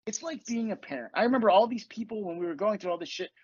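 Husky man, profane storytelling podcast host. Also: high-pitched, lively intonation, quick pace, no room sound, highs cut off. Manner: profane, storytelling, acts out quotes. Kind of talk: casual spiritual chat.

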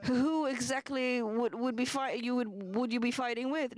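A woman interpreting testimony live into English in the first person, speaking in halting, measured phrases with frequent restarts. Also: fairly high pitch, steady tone.

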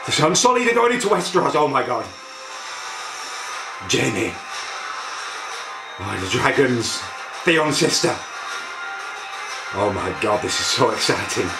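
A man, a vlogger gushing with excitement while reacting to a trailer and swearing casually. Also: mid-range voice. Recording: echoey room with faint music.

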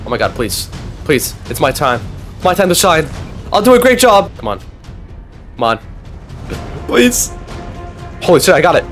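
Excitable high-voiced young man gaming. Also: moderate pace, long pauses. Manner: loud, excitable, trash-talking, slangy. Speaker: gaming video creator. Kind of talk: excited gameplay commentary. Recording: game music underneath.

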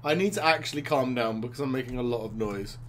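A young man commentating a co-op platform game with a partner, swinging between loud rage outbursts, swearing and sarcastic jokes. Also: mid-range voice, fast, slight background noise. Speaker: gaming YouTuber. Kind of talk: co-op gaming commentary.

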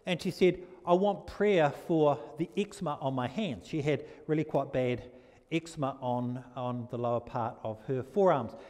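A man, a pastor giving an informal storytelling sermon. He talks conversationally, with frequent pauses and fillers, and speeds up or slows down to stress a point. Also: a little high, a little mellow. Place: church sanctuary during a service. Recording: long church reverb.

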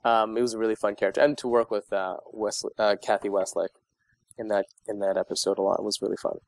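A young man, a voice actor guest, chatting casually in an interview, playful and quick to laugh. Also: on the low side, gravelly, no room sound, clean studio sound. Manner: animated, laughs often, playful.

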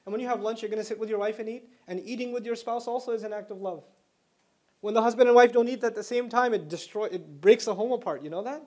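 Casting note: male Islamic lecturer with a high voice, chatty storytelling, quick Arabic recitation. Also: a little mellow. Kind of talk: Islamic lecture to a student audience.

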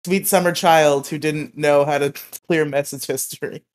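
A man's voice: fairly high pitch, steady tone, moderate pace. A man co-hosting a podcast, telling rambling stories with laughs and swearing. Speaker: podcast co-host. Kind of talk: casual podcast chat.

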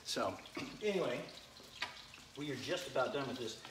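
A man's voice: mid-range voice, expressive, moderate pace. A middle-aged man hosting a casual live cooking demo from his home kitchen, chatting to viewers and greeting them by name as he fries chicken. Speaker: cooking show host. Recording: echoey kitchen, faint frying noise. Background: sizzling frying pan.

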